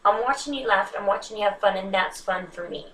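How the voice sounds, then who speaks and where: A woman's voice: medium pitch, brisk, distant mic, slight background noise. Chatty woman in an echoey room. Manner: chatty, self-mocking, animated with sudden hushed asides. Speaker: vlogger. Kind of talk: casual chat to camera. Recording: roomy echo, slightly off-mic.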